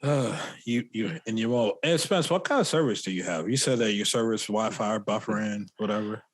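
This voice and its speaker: A man co-hosting a podcast, teasing his friend with quick casual interjections. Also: on the low side, no room sound. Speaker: podcast co-host. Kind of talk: casual chat.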